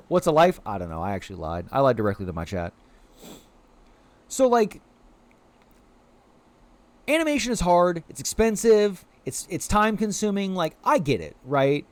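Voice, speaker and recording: Pausing often at a normal speed, a high-voiced man chats loosely with viewers while streaming a game. His animated, filler-heavy rambling ("like" everywhere) is broken up by playful cooing at the game's creatures.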